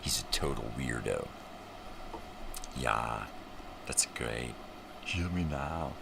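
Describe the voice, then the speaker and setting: Gravelly, very deep older man. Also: animated, takes it slowly, noisy background. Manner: loose, joking, chats to his dog. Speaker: livestream host. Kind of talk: rambling live morning show chat. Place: at home.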